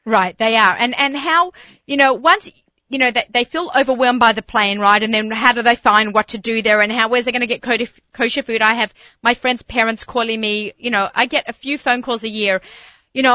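Chatty Australian woman host, bright, dry lo-fi broadcast. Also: a little high, a little fast, no echo. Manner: chatty, repeats and restarts words. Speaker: radio show host. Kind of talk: casual radio chat.

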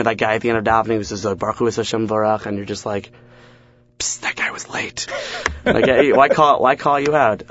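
A young man, a comedian guest in a casual interview, rattling off stand-up jokes with acted-out asides and self-deprecating laughs. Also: lowish voice. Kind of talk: casual interview chat, telling stand-up bits. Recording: dull lo-fi sound.

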